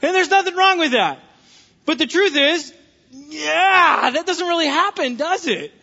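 A man preaches in a church sanctuary in a high, bright, pointed voice. He tells stories playfully and breaks in with jokes. The sound carries a long hall reverb and comes across slightly dull and lo-fi. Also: unhurried, vocal fry. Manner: animated storytelling, humorous asides. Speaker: pastor. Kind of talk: sermon.

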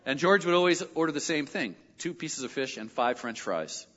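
A middle-aged male pastor telling a personal story in a sermon, animated and lively when he quotes other people. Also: on the high side, normal speed. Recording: dull audio with long hall reverb.

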